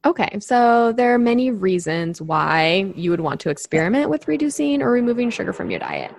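A woman's voice: mid-range voice, big pitch swings, brisk, creaky. A woman co-hosting a podcast, explaining nutrition to clients in a chatty way with lots of fillers. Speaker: podcast co-host, nutrition coach. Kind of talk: casual podcast chat.

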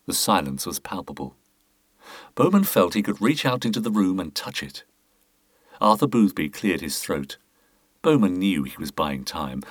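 A man hosting a podcast, reading a detective story in a measured, dramatic manner. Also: deep voice, lively intonation, dry recording, studio quality. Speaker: podcast host and reader.

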